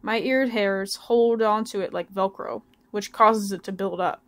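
A woman's voice: medium pitch, fairly even intonation, measured pace, close to an everyday voice. A woman reading aloud as an old uncle who explains things in a matter-of-fact, lecturing way. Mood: explaining. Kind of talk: read-aloud story.

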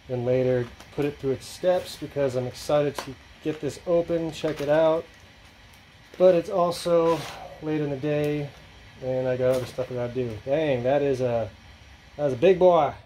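Male channel host, casual rambling vlog delivery, warm low-lit tone, light background noise. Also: moderate pace, poor audio. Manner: rambling, filler-heavy, offhand.

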